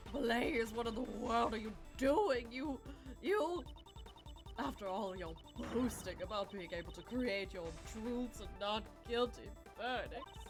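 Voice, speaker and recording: Woman playing a shrill furious middle-aged woman. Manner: shrieking, accusing, voice climbing. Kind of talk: voicing game dialogue.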